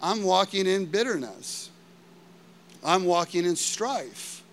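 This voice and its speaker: A man in his thirties preaching a sermon in a lively, conversational way, often checking in with the congregation. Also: sits high, slow pace, a little hiss or hum. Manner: animated and conversational, keeps asking the congregation "okay?". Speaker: pastor.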